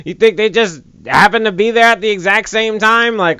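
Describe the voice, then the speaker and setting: A man giving casual let's play commentary, joking and mocking the game in an animated way. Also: high-pitched, normal speed, few pauses, clear, resonant tone, dry recording.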